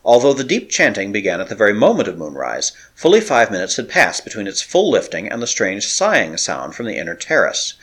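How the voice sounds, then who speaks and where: A man reading an adventure novel aloud as an audiobook narrator, telling it with expressive, dramatic storytelling. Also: on the low side, brisk, few pauses, husky.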